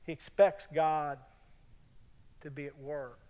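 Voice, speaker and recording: Clear, high-voiced male preacher. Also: little pitch movement, slow, in a large hall. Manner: earnest, trailing off softly at phrase ends. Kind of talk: sermon.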